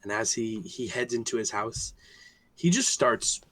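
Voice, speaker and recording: A man playing in a tabletop game, describing what his character does in a loose, amused, rambling way. His voice sits fairly low but has a forceful, bright edge. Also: expressive, unhurried, no room sound. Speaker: player.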